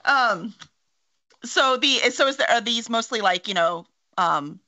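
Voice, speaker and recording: A woman hosts a casual livestream interview over a call, throwing in quick playful jokes. Her voice is bright and her pitch swings widely as she talks. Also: expressive. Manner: playful, quick joking asides, frequent backchannels. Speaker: interview host. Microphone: livestream video call.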